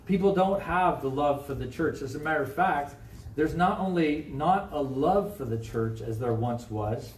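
Conversational Midwestern pastor preaching in an echoey church. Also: male voice, a little high, lively intonation, normal speed, a little hiss or hum. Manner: conversational, asks the congregation questions. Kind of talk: sermon. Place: church sanctuary. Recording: echoey room, mic from a distance.

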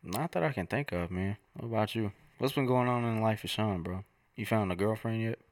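A man's voice: on the low side, fairly quick, dry recording, clean studio sound. A young man co-hosting a podcast, telling stories in casual slangy chat. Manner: laid-back slangy storytelling. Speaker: podcast co-host.

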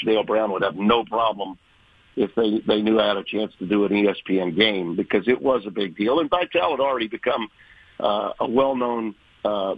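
A man from Louisiana, a veteran sports broadcaster, telling stories from his career in a folksy, animated interview manner. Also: on the low side, dry recording, phone-quality sound. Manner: folksy, animated storyteller, acts out quoted voices. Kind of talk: conversational interview storytelling.

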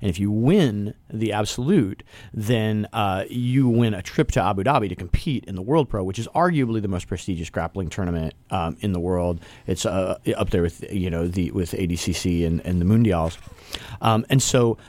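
A man's voice: on the low side, normal speed, a little mellow, no room sound. A man hosting a casual local radio show, talking loosely with restarts and easy laughs. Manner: rambling, restarts, laughs easily.

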